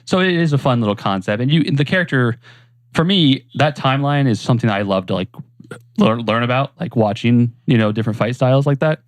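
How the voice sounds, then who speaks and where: A man's voice: medium pitch, fairly quick, dry recording. A young man co-hosting a casual gaming podcast, rambling along with many ums and restarts. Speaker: podcast co-host. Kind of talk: casual chat.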